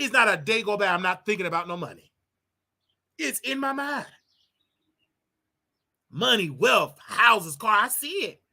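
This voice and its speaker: A man with a bright, forceful voice, hosting his own livestream. He rants to his viewers in an animated, preachy, jokey way, jumping from quiet asides to loud outbursts. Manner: animated, preachy, jokey, with wild swings in pitch and volume. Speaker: host. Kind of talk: solo livestream rant.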